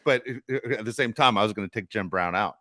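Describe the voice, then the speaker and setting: A middle-aged man hosting a sports podcast, telling stories in casual, animated chat. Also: on the low side, fast talker, no echo, studio quality. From Los Angeles area. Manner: storytelling, animated, swears casually. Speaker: podcast host.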